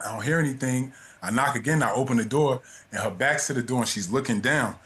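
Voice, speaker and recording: A man in his forties, a former basketball player, telling a personal story as a studio guest, relaxed and laughing at his own tale. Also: medium pitch, fast. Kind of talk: anecdotal storytelling.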